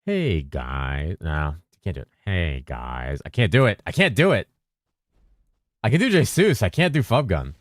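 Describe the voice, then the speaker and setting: A man streaming games, chatting loosely with his viewers in a deep, bassy voice. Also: wildly swooping pitch, a little fast, dry recording, clean studio sound. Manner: rambling and loose, with bursts of laughter. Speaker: game streamer. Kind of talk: casual livestream chat answering viewers. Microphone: streaming mic through a mixer.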